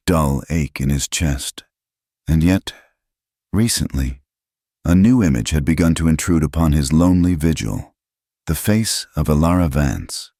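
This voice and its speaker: A man narrating a western story in a measured, solemn scripted delivery. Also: very deep voice, darkish tone, no room sound, studio quality.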